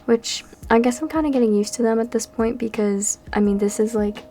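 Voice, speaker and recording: Her voice is a little high, warm, and fairly quick as this nineteen-year-old from Canada chats casually over a Sims speed build. The YouTuber is at home in a room during a storm, with background music playing; she rambles with lots of fillers and sounds tired and slightly out of breath.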